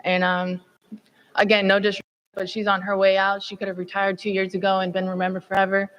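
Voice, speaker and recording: A woman's voice: mid-range voice, monotone, a little fast, fairly bright tone, highs cut off. A female fighter answering at a press conference with matter-of-fact confidence.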